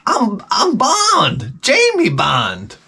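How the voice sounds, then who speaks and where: A man voicing a fierce, defiant female secret agent in a shrieking falsetto that swears at the villain. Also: huge pitch swings, very slow, pushed and bright, husky, exaggerated voice.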